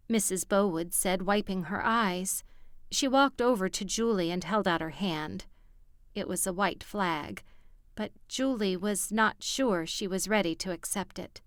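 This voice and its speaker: A woman narrating a romance audiobook in a steady, even storytelling manner, on a studio mic. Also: mid-range voice, unhurried, dry recording. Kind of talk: scripted narration.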